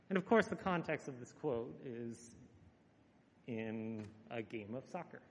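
A man preaching a conversational sermon, earnest and relaxed, with frequent "uh" fillers. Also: mid-range voice, measured pace, lo-fi sound. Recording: echoey hall with long reverb.

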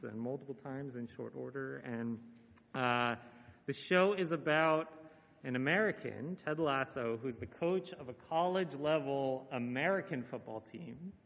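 Male preacher, slightly high voice, casual earnest sermon delivery, long hall reverb. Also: measured pace. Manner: earnest, relaxed, frequent "uh" fillers. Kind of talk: conversational sermon.

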